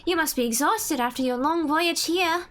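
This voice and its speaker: A woman's voice: high voice, normal speed, a bit bright, faint music behind, pitched above the performer's own voice. A woman reading game dialogue aloud, voicing a small, cheerful young girl inventor in a chirpy, prim and polite way.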